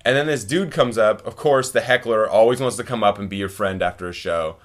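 A man, a stand-up comic, chatting casually and telling animated stories, acting out quotes and laughing often. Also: on the low side, brisk. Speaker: stand-up comedian guest. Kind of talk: casual chat, storytelling.

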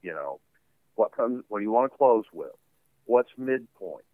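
A man's voice: lowish voice, expressive, moderate pace, no echo, phone-quality sound. A man talking casually as a musician guest in an interview, rambling with lots of fillers and laughs. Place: home basement studio.

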